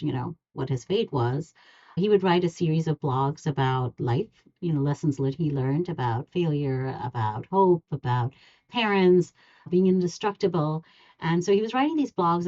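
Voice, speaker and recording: A woman dentist, a podcast guest, telling a personal story in an earnest, steady way. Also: sits low, highs cut off.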